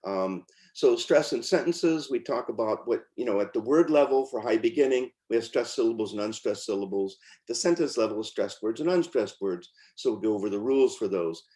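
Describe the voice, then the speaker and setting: A man's voice: mid-range voice, animated, fairly quick, hardly any pauses, mellow. A man teaching as he walks through pronunciation lessons on screen, in an informal way with fillers and restarts. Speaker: teacher demonstrating software. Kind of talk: screen-share walkthrough.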